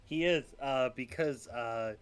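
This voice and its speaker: A man's voice: medium pitch, slow pace, clean tone. Hesitant man at a tabletop game. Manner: hesitant, many fillers. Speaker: player.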